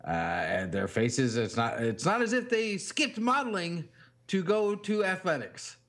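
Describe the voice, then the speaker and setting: Male co-host, mid pitch, lively sarcastic rants. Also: a little slow. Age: adult with a young child. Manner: sardonic, crude ranting. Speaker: podcast co-host. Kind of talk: crude casual chat.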